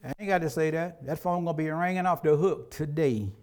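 Man, middle-aged, pastor, conversational sermon, acts out little quotes, slightly high voice. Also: a little fast. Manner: conversational preaching with lively acted-out quotes.

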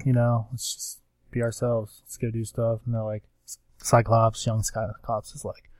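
A man casually recapping a comic book issue, rambling with lots of fillers and quick acted-out quotes of the characters. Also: medium pitch, completely flat delivery, a little mellow, no echo. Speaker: comics podcast co-host. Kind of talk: casual chat.

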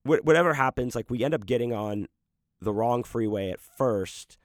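A man's voice: medium pitch, expressive, moderate pace, no room sound, clean studio sound. A man casually telling a personal story, rambling and swearing freely with lots of fillers. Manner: profane, rambling, full of fillers.

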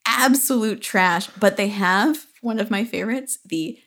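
A woman's voice: medium pitch, unhurried, fairly bright tone, a little hiss or hum. A woman co-hosting a podcast, telling stories in a chatty way with many fillers and giggles. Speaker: podcast co-host. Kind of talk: casual chat.

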